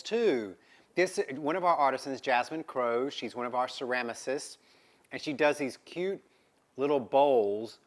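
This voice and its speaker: A man co-hosting a live shopping stream, chatting and enthusiastically pitching products. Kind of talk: casual live-stream chat.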